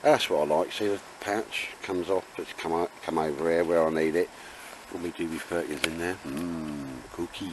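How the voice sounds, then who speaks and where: A man's voice: low voice, steady tone, moderate pace, few pauses, background noise. A man chatting casually and jokily while camping in damp woods. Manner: chatty, jokey, laid-back. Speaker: vlogger. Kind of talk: casual outdoor chat.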